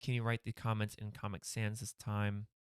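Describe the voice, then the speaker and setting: Guy brainstorming sketch ideas on a stream, hesitant, lots of ums, smooth dry voice. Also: fairly low pitch, monotone, normal speed, no echo. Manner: hesitant, thinking out loud with many fillers. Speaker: comedy sketch writer and livestream host. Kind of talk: brainstorming out loud on a livestream.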